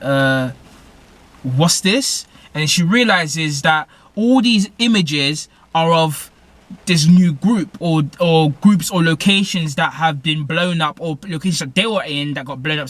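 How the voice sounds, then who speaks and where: A man's voice: fairly high pitch, fairly bright tone. A young British man casually recapping a TV episode, rambling with lots of fillers and corrections. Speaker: TV show reviewer.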